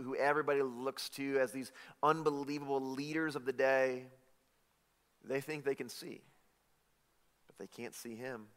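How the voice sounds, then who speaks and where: A man's voice: medium pitch, a bit bright. A man preaching a sermon, speaking casually and animatedly, acting out Bible characters in everyday modern voices. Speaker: pastor. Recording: long hall reverb.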